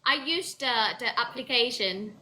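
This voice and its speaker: A woman's voice: a little high, animated, normal speed, bright, forceful tone, slight background noise, low-quality recording. A young woman from southern Thailand, a native Thai speaker with a British accent she picked up herself, chatting casually as a guest and often repeating words as she starts a sentence. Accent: Thai speaker with a learned British accent. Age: young adult. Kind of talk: casual conversation.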